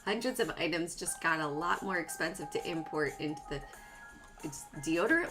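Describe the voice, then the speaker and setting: A woman's voice: on the low side, brisk. A woman hosting a live stock trading stream, chatting casually and playfully with viewers while she works through her charts. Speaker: livestream stock trading host. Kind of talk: casual live market commentary. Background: music.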